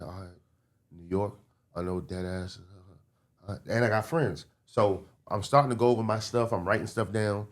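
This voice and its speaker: Low-voiced man telling stories animatedly. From Baltimore and DC area, US. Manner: animated, slips into city accent impressions. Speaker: comedian guest. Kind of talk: casual podcast storytelling.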